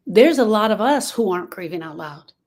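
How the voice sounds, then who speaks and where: Woman doing a grief talk to a room full of people, earnest and punchy, mid pitch. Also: animated, a little fast, darkish tone. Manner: earnest, emphatic, acts out quoted voices. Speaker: grief speaker. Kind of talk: motivational talk to a live group. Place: room with a live audience.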